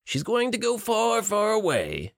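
A male audiobook narrator voicing a menacing, cruel male villain who taunts slowly. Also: sits low, animated, fairly bright tone, no room sound, studio quality. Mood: threatening.

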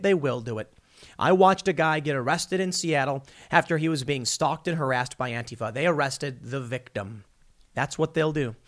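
A man giving an opinionated, combative commentary monologue with emphatic delivery. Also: a little high. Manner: emphatic and combative, with frequent restarts. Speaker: political commentator.

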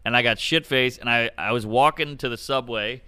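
A man in his twenties with a strikingly old-fashioned voice, bright and crisp. He tells profane anecdotes in an animated way and acts out the people in them. The sound is close and dry. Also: medium pitch, moderate pace, dry recording. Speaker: comedian guest. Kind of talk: casual podcast chat, storytelling.

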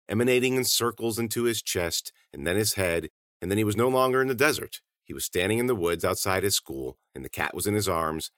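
A man reading scripted audiobook narration in animated, clipped sentences. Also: deep voice, no echo, clean studio sound.

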